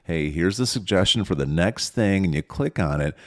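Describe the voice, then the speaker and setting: A man's voice: sits low, animated, normal speed. A middle-aged man co-hosting a parenting podcast, thinking aloud with many restarts. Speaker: podcast co-host. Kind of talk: casual parenting chat.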